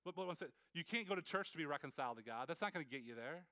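A man preaching a sermon as a pastor, earnest and pleading, with many quick restarts and repeated words. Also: a little high, lively intonation, pushed and bright, dry recording.

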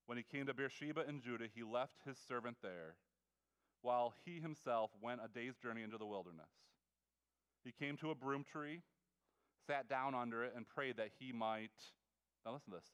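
A male preacher retelling a story in a sermon, in a casual, animated way with asides and quick restarts. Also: medium pitch, clear, resonant tone. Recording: long reverb of a large hall.

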